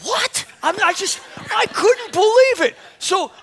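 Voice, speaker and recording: A man preaching a sermon, telling a funny personal story in an animated, self-mocking way and acting out the dialogue, then urging his listeners on, sometimes up to a shout. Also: extremely high pitch, a little slow.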